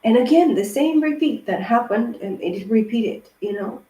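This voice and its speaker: A woman's voice: a little high, expressive, moderate pace, dark tone. A woman giving a tarot card reading in a casual, rambling monologue, talking emphatically and often swearing. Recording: roomy echo.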